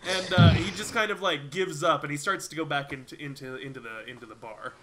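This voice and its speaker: A man's voice: a little high, brisk, crowd noise. A man running a tabletop game as game master, narrating loosely, with fillers and frequent laughter. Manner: laughs often, rambling with fillers.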